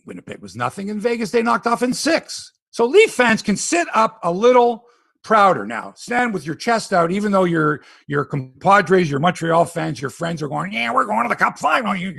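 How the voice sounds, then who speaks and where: Gravelly sports talk guy, ranting, dry close mic. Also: sits high, no echo. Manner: animated, ranting, profane. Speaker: sports podcast host.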